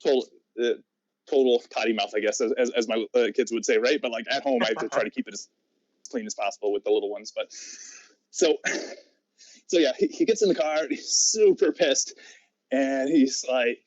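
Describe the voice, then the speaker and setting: A man's voice: mid-range voice, normal speed, a little mellow, dry recording. A man guesting on a podcast, telling a long story in a rambling way, laughing often and restarting his sentences. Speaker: guest, pro wrestler. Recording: slightly muffled audio.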